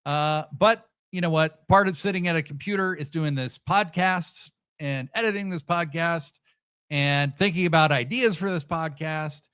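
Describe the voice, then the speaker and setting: Reading comments from the chat, this middle-aged man keeps his podcast livestream loose and sarcastic, often restarting and using fillers. He talks at normal speed in a fairly high, slightly bright voice with a clear, resonant tone, recorded in studio quality with no room sound.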